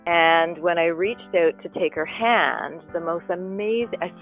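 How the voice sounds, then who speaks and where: A man's voice: a little high, measured pace. A man, a guest, telling a personal story in an earnest, reflective way and lingering over his words. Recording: phone-like line with faint music.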